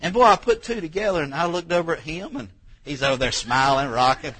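Male pastor, 30s, husky bright voice, heartfelt folksy sermon. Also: on the high side, fairly quick, poor audio. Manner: folksy, emotional storytelling, rising to near tears.

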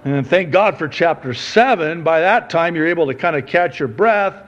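A man, a pastor, preaching a conversational sermon that swings from soft, low asides to loud, emphatic questions. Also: lively intonation, normal speed, lo-fi sound.

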